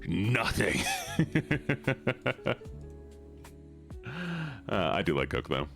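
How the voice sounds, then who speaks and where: A man's voice: deep voice, very animated, very slow, vocal fry, a bit bright, soft background music. A man streaming live, chatting casually and playfully with his viewers. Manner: bubbly, playful, chatty with chat.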